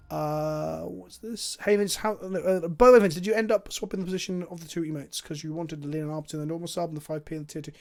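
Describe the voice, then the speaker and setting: Streaming a card game, a young man with a fairly high-pitched voice narrates his moves and chats with the audience. His style is lively, foul-mouthed, and self-deprecating.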